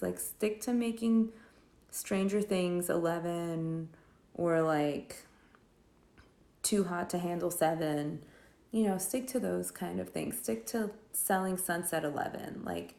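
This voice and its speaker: A woman's voice: on the low side, creaky, warm tone, reverberant. A woman vlogger casually roasting a film while she draws, rambling and sarcastic, with lots of fillers. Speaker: vlogger reviewing films while drawing.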